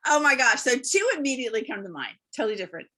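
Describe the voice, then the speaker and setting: A woman guest on a remote interview, telling lively stories about her work and laughing often as she talks. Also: on the high side, rapid-fire. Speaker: guest, beauty consultant. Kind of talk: casual storytelling interview.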